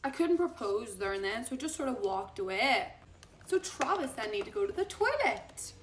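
A young Irish woman telling a gossipy story while getting ready, chatty and animated, recorded on a phone at home. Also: moderate pace, slight background noise. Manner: chatty, animated gossip with big pitch swings. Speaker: vlogger. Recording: echoey room.

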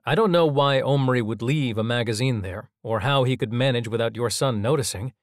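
A man's voice: mid-range voice, brisk, dry recording, clean studio sound, natural voice. A man voicing a firm, brusque middle-aged father.

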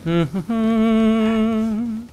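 A young man giving lively let's-play commentary, exclaiming and laughing often as he plays a shooter game. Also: sits high, drawn-out words, a little hiss or hum. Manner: excitable, frequent exclamations and laughs. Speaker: gamer. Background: game music and gunfire.

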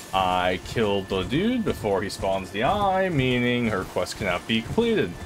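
A young man giving casual, rambling commentary as he plays a video game, talking to himself with sudden excited outbursts. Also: mid-range voice, noisy background. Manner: chatty, rambling, self-talk with excited outbursts. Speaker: gaming channel host. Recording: game music playing behind. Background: game music.

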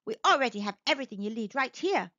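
Mallow, a woman doing a cheery squeaky mouse. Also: sing-song, quick pace, no echo. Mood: friendly. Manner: warm, welcoming, cheerful. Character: friendly, generous young male mouse. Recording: dull dry recording.

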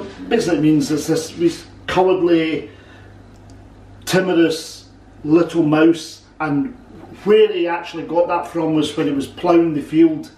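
A man with a fairly high voice talks through a recipe in a home kitchen, stopping and restarting his sentences as he explains. He stands back from the camera mic, so the room rings around him. A faint hum sits under his voice. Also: a little mellow, distant mic. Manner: halting, many restarts, explains patiently. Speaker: cook and co-host. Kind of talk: casual cooking chat. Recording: roomy kitchen sound from off-mic.

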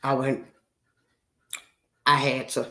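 A woman's voice: extremely low pitch, level tone, takes it slowly, pushed and bright. A woman in her sixties chatting live with her viewers, brash, profane and teasing as she scolds them. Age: 60s. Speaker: livestreamer. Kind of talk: casual live-stream chat with viewers. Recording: roomy echo.

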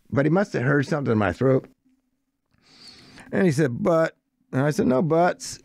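Gravelly older man telling a story. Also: on the high side, normal speed, long pauses, dry recording, clean studio sound. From United States. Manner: animated anecdote, quoting others in shifting voices. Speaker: songwriter guest. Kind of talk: casual storytelling.

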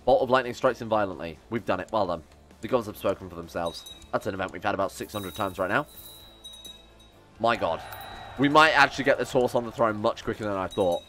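Brief: young man, lowish voice, casual sarcastic game commentary with swearing, faint music underneath. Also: brisk, a bit bright. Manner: chatty, sarcastic, swears, talks back to game characters. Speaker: gaming YouTuber.

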